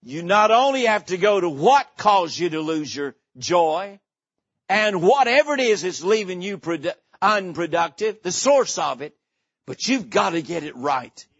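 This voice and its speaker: A man's voice: high-pitched, big pitch swings, a little slow, a bit bright, dry recording, dull audio. A man preaching a sermon from a church pulpit, emphatic and repetitive, telling stories to make his point. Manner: emphatic storytelling preacher, repeats phrases. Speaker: pastor.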